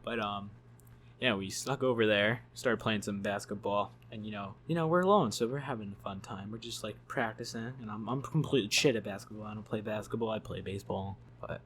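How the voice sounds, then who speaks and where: A man's voice: lowish voice, fairly quick, a bit bright, slight background noise. A man telling a story in a casual vlog, rambling, swearing and laughing as he goes. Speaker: YouTube storyteller.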